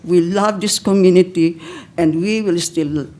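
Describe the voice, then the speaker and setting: Close to crying, an older woman from the Philippines pleads at a county board meeting, halting and breaking off to begin again. She speaks on the low side, somewhat mellow.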